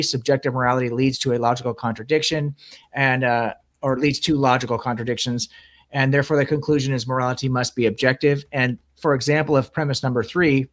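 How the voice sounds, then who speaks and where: A man who hosts a channel, arguing in a live online debate and methodically setting out a formal argument step by step. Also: medium pitch. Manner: methodical, lays out numbered premises.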